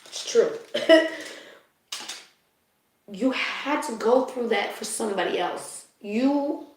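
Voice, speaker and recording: A woman's voice: a little high, expressive, slow pace. A woman giving a live spiritual card reading to her viewers. She talks emotionally and confidingly, laughs often, and keeps checking in with the listener. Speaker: spiritual reader. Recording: very echoey room.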